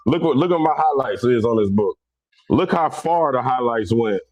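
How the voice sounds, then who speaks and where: A middle-aged man from Cincinnati talks. He speaks bluntly and with a lot of energy, and his voice sits at an ordinary male pitch. His delivery is rough around the edges. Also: unhurried, pauses often, no echo. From Cincinnati, USA. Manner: blunt, animated, rough-edged. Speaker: livestream host. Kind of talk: casual livestream talk.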